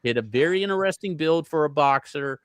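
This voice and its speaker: A man's voice: fairly high pitch, lively intonation, quick pace, smooth, no room sound. A man on a podcast panel arguing his point in an emphatic, profane, heated way. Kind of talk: casual podcast chat.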